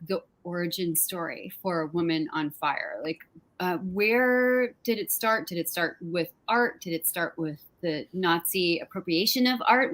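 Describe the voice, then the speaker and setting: A woman from New Jersey hosting an interview over a video call, light-voiced and gushing, with many "like" fillers. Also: fairly bright tone. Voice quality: light, high voice. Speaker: host. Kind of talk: conversational interview.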